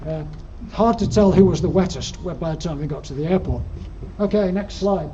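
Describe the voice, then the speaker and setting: An older man with a Yorkshire accent spins dry, humorous anecdotes from his slides, pausing often on ums. His voice sits fairly high for a man but sounds mellow and dark. The recording is dull and lo-fi, with faint noise underneath. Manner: rambling, dryly humorous, frequent ums. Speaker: guest speaker at alpine club. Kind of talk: anecdotal slide-show talk. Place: lecture room.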